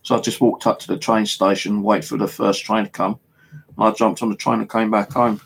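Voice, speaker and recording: Low gravelly English bloke, casual storytelling vlogger, loose and rambling, lots of fillers and swearing. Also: male voice, flat delivery, fairly quick. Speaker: paranormal vlogger. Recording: home video monologue.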